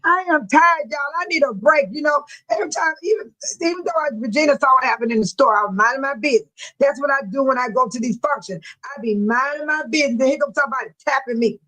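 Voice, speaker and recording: A woman's voice: high voice, fast talker, sharp tone, poor audio. An older woman hosting a casual livestream, chatting animatedly and laughing often as she reads out viewer comments. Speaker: livestream host.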